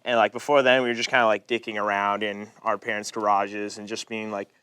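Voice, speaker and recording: A young man chatting casually on a podcast, relaxed and rambling with lots of fillers. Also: lowish voice, fairly quick, clear, resonant tone, no room sound. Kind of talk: casual chat.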